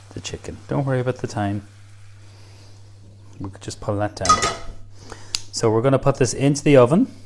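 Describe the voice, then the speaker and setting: A man's voice: fairly low pitch, darkish tone, slight background noise. An Irish man demonstrating a recipe in a kitchen, chatty and enthusiastic, full of praise for the food. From Ireland. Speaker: cook. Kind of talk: cooking demonstration.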